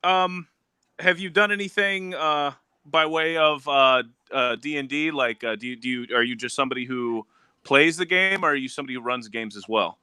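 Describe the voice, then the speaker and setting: A man's voice: mid-range voice, moderate pace, sharp tone, clean tone, no echo. A man co-hosting a casual stream chat, loose and laughing, swearing casually. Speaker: co-host.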